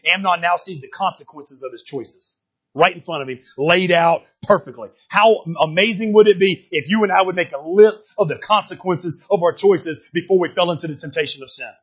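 Middle-aged male preacher, high husky voice, animated delivery with loud and quiet turns. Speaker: pastor. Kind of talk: sermon. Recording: dull lo-fi recording.

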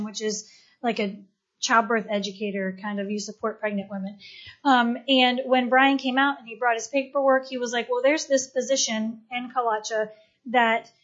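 A woman's voice: fairly high pitch, a bit bright. A woman, a missionary and doula, tells her story to a gathered audience in a chatty, eager way full of fillers. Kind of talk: personal testimony to a gathering. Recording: dull lo-fi recording.

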